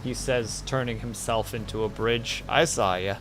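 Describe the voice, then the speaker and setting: A man's voice: mid-range voice, moderate pace, background noise. A man streaming a game, chatting casually and joking with his chat and co-player. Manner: lively, animated, jokey with chat.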